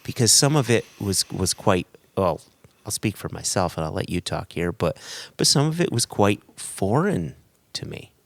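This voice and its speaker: A man's voice: sits low, sing-song, moderate pace, gravelly, no room sound. A man from the US co-hosting a casual podcast, rambling and self-deprecating, laughing often between thoughts. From United States. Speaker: podcast co-host.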